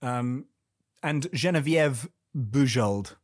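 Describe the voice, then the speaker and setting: A man's voice: mid-range voice, slow, no echo, studio quality. A man co-hosting a casual film podcast, rambling and joking, laughing often. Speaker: podcast co-host. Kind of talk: casual chat about films.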